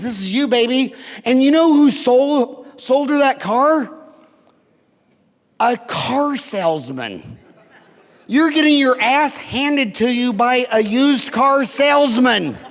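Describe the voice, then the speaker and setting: Man, high voice, brash and profane, comedic rant, reverberant conference hall. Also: animated, a little slow. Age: middle-aged. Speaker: seminar speaker. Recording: hall reverb, live seminar.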